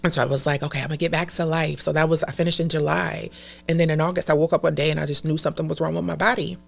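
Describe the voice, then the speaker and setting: A woman with a low, gravelly voice tells her story on a podcast. Her delivery is emphatic and animated, with plenty of fry in her tone, and she speaks in a casual, conversational way. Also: rapid-fire. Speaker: podcast guest.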